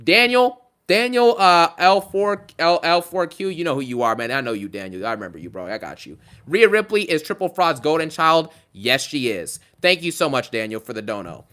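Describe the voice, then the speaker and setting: A man's voice: medium pitch, animated, fairly quick, few pauses, bright, forceful tone. A man hosting a casual live stream, reading out donations and chatting through them with rambling asides. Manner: chatty, thanks each donor, rambling asides.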